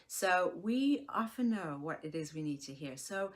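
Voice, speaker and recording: A woman's voice: lowish voice, unhurried. A woman in her forties hosting a solo podcast as a life coach, talking in a frank, reassuring way and acting out quoted voices, sometimes dropping to a near whisper. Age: 40s. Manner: animated, acts out quoted voices, drops to soft near-whispers. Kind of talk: casual solo podcast talk.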